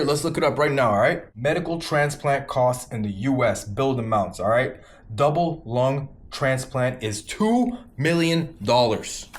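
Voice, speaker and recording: A man in his thirties giving an emphatic motivational talk to camera, repeating lines for punch and swearing casually. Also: mid-range voice. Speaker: vlogger giving quit-weed advice.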